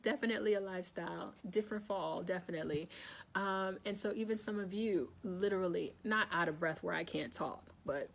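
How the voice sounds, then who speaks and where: Her voice is on the low side, gravelly, and a little fast. Hosting a laid-back wellness live chat, she talks right to her viewers, calls them y'all, asks if they're still with her, and repeats herself to keep them motivated.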